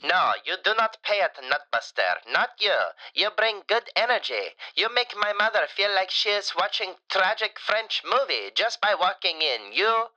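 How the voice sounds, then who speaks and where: A bright, lively voice, swooping up and down as a man plays a doting falafel shop owner on a comedic call-in show. He talks in broken English, drops his articles and delivers over-the-top compliments completely deadpan. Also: high-pitched, normal speed, few pauses, lo-fi sound, exaggerated voice. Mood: deadpan warm. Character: warm, flattering male falafel shop owner. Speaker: caller. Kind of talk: comedic radio call-in sketch.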